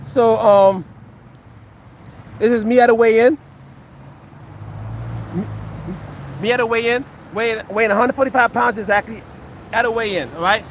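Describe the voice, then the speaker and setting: Brief: former fighter, 40s man, streaming to chat, high-pitched, defensive and sarcastic, repeats himself a lot. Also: moderate pace, pauses often, slight background noise. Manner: defensive, sarcastic and repetitive, addressing chat and a heckler. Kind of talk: casual livestream chat to viewers.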